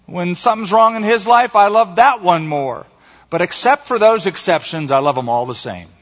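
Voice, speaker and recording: A man's voice: high voice, animated, moderate pace. A man voicing a tearful young mother of three, speaking earnestly and pleadingly. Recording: echoey hall, slightly dull sound.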